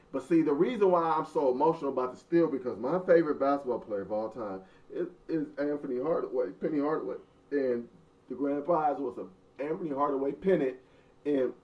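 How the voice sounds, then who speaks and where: A man's voice: fairly high pitch, brisk, darkish tone, far from the mic. A man in his thirties, the host, telling a funny story in a joking, mock-dramatic way. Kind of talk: casual storytelling. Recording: muffled sound from off mic.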